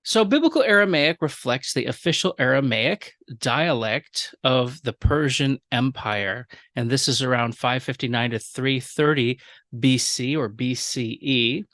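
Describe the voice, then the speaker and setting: A man teaching a video lesson, explaining things in a measured way with some fillers and restarts. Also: medium pitch, fairly bright tone, dry recording. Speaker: language teacher.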